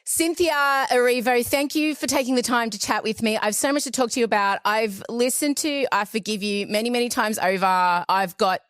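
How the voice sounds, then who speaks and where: A woman's voice: fairly high pitch, moderate pace, few pauses, a bit bright, smooth. A woman hosting a podcast, talking in a gushing, effusive, fan-like way. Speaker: podcast host. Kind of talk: casual chat and recorded intro.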